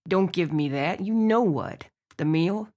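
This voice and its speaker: A woman voicing a confident male rancher, teasing, flirtatious, low voice, audiobook. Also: expressive, unhurried, darkish tone.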